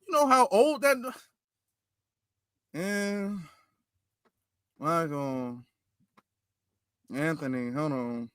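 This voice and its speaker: A man's voice: on the high side, huge pitch swings, normal speed, few pauses, fairly bright tone, no echo, studio quality. A man hosting a reaction video, talking back at a clip in a mocking, exasperated way. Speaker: reaction channel host. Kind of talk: casual reaction commentary.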